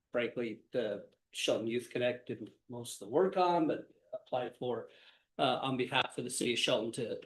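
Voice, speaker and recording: A man's voice: medium pitch, rough recording. A man giving a city manager's report at a council meeting, nasal from a cold and full of fillers. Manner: halting, many fillers. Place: city council meeting over video call.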